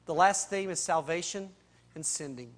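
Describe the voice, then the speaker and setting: A man preaching a sermon in a conversational, slangy way, swinging between loud and hushed. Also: fairly high pitch, normal speed. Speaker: pastor.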